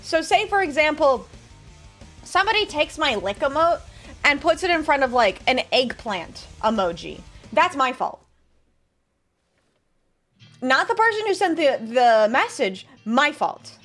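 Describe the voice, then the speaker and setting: A woman's voice: sits high, sing-song, measured pace, pauses often, fairly bright tone, faint music behind. A woman streamer chatting casually with her viewers, sarcastic and laughing often. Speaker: VTuber streamer. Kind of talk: casual stream chat reading viewer messages.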